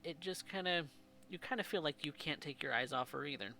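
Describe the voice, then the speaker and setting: Male game master, gravelly and bright, describing scenes to the players. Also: fairly high pitch, fairly quick, faint music behind. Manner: descriptive, second-person scene-setting. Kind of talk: narrating a tabletop game.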